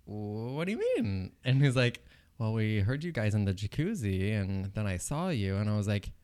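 A man's voice: on the low side, animated, moderate pace, a little mellow, smooth. Giggly tipsy young man. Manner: giggly, rambling storyteller with many fillers. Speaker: podcast guest. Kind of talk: casual chat.

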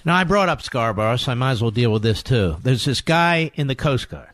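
A man's voice: mid-range voice, very animated, brisk, fairly bright tone, dry recording. A middle-aged man hosting a political talk radio show, combative and sarcastic, hammering his points with emphatic repetition.

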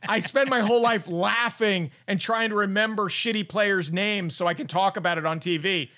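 A man's voice: sits high, normal speed, pushed and bright. A man imitating a famous retired basketball star who talks through laughter and sounds carefree. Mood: amused.

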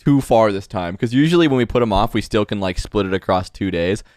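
A man's voice: lowish voice, lively intonation, brisk, a little mellow, no echo, clean studio sound. A man co-hosting a podcast, telling stories in casual chat with crude, teasing banter. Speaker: podcast co-host.

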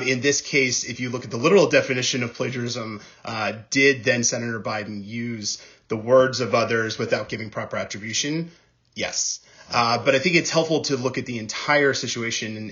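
A man speaking as a guest on an interview podcast, answering in a measured, thoughtful way with frequent ums and uhs. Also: mid-range voice, bright, forceful tone, dull audio. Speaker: podcast guest, former speechwriter. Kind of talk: conversational interview.

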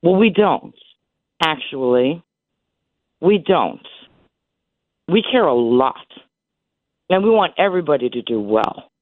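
A radio call-in features a woman in her sixties speaking emotionally and emphatically, repeating herself while her voice breaks. Her low, expressive voice moves slowly with long pauses. The recording is dry, over a tinny phone line.

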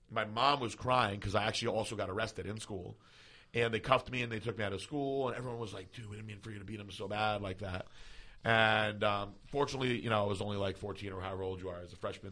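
A man's voice: on the low side, sharp tone. A man in his forties telling stories in a casual podcast chat, laughing often. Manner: laid-back storyteller who laughs often.

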